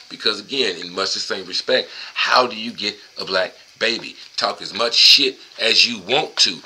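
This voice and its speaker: A man with a low voice and a very sharp, tense edge reads from a book and keeps breaking off into long, profane tangents. His manner is rambling and emphatic, with loose, casual commentary between the read passages. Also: moderate pace, hardly any pauses, slight background noise, rough recording. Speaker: host reading a book aloud. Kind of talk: casual monologue mixing reading and ranting.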